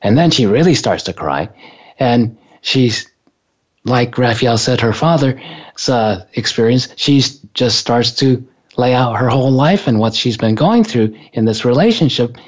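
A man's voice: mid-range voice, expressive, unhurried. A man casually telling a personal story in a rambling, hesitant way, often stopping and restarting. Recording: dull lo-fi recording.

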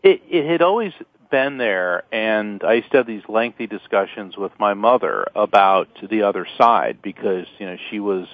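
A man spins animated stories as an interview guest, chuckling along the way. His voice is thin and phone-like, and the sound is dry. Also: on the low side, moderate pace, hardly any pauses, dry recording. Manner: animated anecdotes, chuckling often. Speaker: guest, lawyer and psychic author. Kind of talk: storytelling interview talk.

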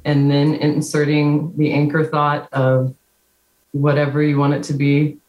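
A low-pitched woman guest explains things in a calm, steady way, her intonation staying quite flat. Her remote audio carries noticeable room echo. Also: measured pace. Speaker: guest, psychiatric nurse practitioner. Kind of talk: podcast interview.

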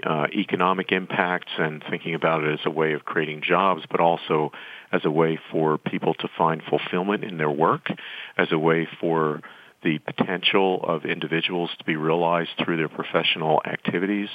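A man who heads a nonprofit, answering interview questions in a measured, thoughtful way with frequent restarts. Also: low-pitched, dry recording, dull audio. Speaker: nonprofit chief executive, guest.

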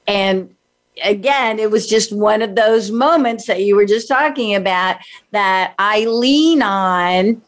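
A woman from San Diego, a podcast guest, telling a motivational story and acting out her own inner dialogue. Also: a little high.

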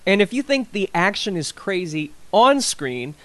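A man's voice: high-pitched, big pitch swings, unhurried, pushed and bright, dry recording. A man hosting a tribute show, narrating his script in a playful, teasing way. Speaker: host.

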